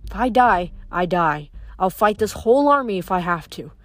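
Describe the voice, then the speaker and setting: A woman's voice: mid-range voice, lively intonation, normal speed, lightly acted. A woman reading aloud, voicing a defiant teenage girl soldier in a storybook. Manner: defiant, insistent. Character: determined teenage girl demigod.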